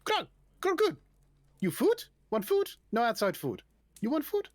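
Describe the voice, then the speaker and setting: A man's voice: very high voice, wildly swooping pitch, unhurried, pitched above the performer's own voice, exaggerated voice. A man voicing a dim, grubby male kobold barkeep who speaks in broken, clipped phrases. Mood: pushy.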